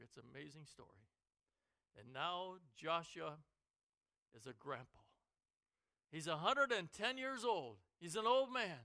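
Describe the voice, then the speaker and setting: A man preaching a sermon in a church on a headset mic, dramatic, swinging from quiet lows to shouted highs. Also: gravelly, no room sound.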